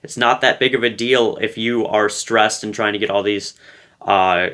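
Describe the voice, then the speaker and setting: A man talks casually to camera, sharing social advice in a relaxed, playful way. His voice sits fairly low and has a bright, forceful edge, and he fills his sentences with loose fillers and restarts. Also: moderate pace. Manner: loose and conversational, full of fillers; playful, light-hearted. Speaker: relationship advice creator.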